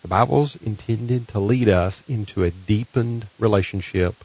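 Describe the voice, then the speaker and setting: Low husky male Christian radio host. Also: moderate pace, a little mellow. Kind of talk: radio ministry hosting. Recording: slightly dull, dry studio.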